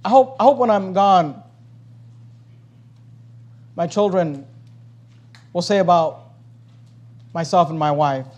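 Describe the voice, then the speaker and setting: A male pastor preaching a sermon, emphatic, swinging between loud and hushed and repeating phrases to drive his point home. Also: high voice, slow, pauses often, dull audio.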